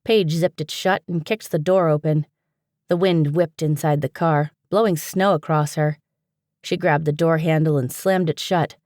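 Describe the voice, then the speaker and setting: Low-voiced woman narrating an audiobook. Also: fairly even intonation, normal speed, darkish tone, no room sound, studio quality. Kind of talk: scripted narration.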